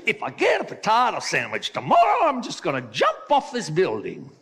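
A man voicing a weary Irish male construction worker, complaining loudly in a raised voice, with echoey hall reverb. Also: huge pitch swings, extremely slow, gravelly, full character voice. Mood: fed up. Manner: high, loud, complaining.

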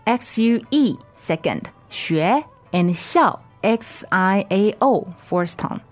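Slow, lively woman modelling words. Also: mid-range voice, soft background music. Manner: repeats each phrase twice, slowly and clearly. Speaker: Mandarin co-host and teacher. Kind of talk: modelling pronunciation in a lesson dialogue.

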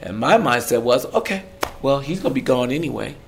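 A middle-aged worship leader recounts his story during a podcast conversation, animatedly performing the voices of the people he quotes. His medium-pitched voice is gravelly and fairly quick, with slight noise in the background.

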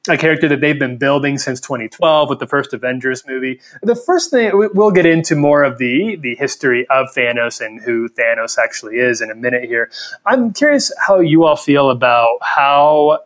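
A man's voice: mid-range voice, normal speed, a bit bright. A man hosting a casual podcast discussion, steering the talk and putting questions to his co-hosts. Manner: leads discussion, asks guests questions. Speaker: podcast host.

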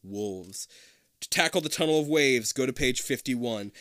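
A podcast co-host reads an adventure gamebook aloud with a very animated, swooping delivery. The voice is bright and forceful, breaking into crude jokes and frequent laughter between the story lines. The recording is close and dry. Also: medium pitch, a little slow, no room sound. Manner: animated, swears freely, laughs often. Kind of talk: casual comedic read-aloud with crude asides.

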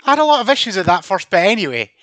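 A man's voice: sits high, very animated, rapid-fire, a bit bright, no echo. A man with a Northern English accent co-hosting a film podcast, blunt, sweary and laughing. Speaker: podcast co-host. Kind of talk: casual film review chat.

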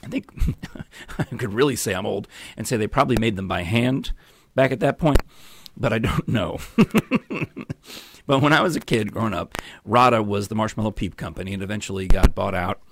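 A man's voice: on the low side, fairly quick, noisy background. An older man from New York hosting a live show, telling rambling stories to viewers with lots of ums and asides. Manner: chatty storyteller, many ums and asides. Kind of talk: rambling casual chat to viewers.

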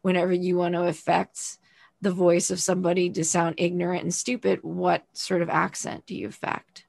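A woman's voice: fairly low pitch, little pitch movement, normal speed, vocal fry, a little mellow. A woman podcast host from the US South, talking earnestly and thoughtfully with a guest in a casual interview.

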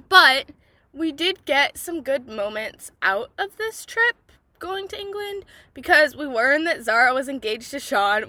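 A young woman hosting a podcast, gushing excitedly about a book in casual chat, swearing freely and saying "like" a lot. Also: extremely high pitch, no echo. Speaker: podcast host.

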